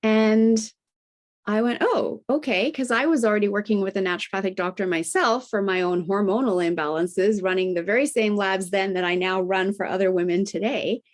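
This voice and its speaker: A middle-aged woman recounting her family story in an easy, chatty way. Her voice sits at an ordinary middle pitch, and she keeps checking in with "right?" as she talks. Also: normal speed. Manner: conversational, often tags phrases with "you know" and "right?"; acts out remembered dialogue with lifted pitch. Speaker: guest, integrative health practitioner and health coach. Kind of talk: personal storytelling in a podcast interview.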